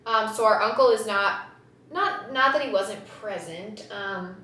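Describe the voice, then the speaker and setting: A woman hosting a podcast, talking casually in a loud, animated way and laughing often. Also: mid-range voice, measured pace, far from the mic. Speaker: podcast host. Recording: roomy echo.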